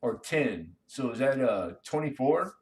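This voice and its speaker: A man's voice: mid-range voice, big pitch swings, unhurried, a little mellow, distant mic. A man hosting a casual coin-collecting live stream, chatting with viewers in a laid-back, slangy way.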